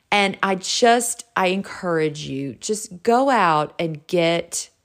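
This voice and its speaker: A middle-aged woman, a realtor hosting her own show, telling a casual story in a bubbly, gushing way full of "like.". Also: lowish voice. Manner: bubbly and gushing, heavy use of "like". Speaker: realtor and podcast host.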